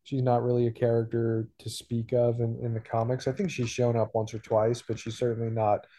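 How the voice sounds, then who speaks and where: Male podcast co-host, warm and mellow, hesitant and reflective delivery. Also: medium pitch, monotone, fairly quick, a little hiss or hum. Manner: thoughtful, hesitant with many fillers. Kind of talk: casual discussion.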